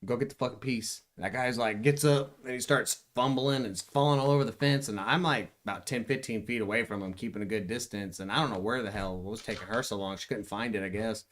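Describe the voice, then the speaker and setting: A man's voice: on the low side, a little fast, hardly any pauses, a bit bright. A young man in a casual podcast chat, telling rambling stories full of swearing, dude and bro. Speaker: podcast co-host.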